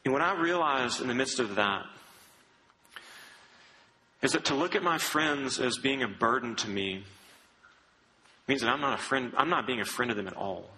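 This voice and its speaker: A man preaching a sermon in an earnest, conversational way, often dropping to a soft, low tone. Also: moderate pace, long pauses, noisy background.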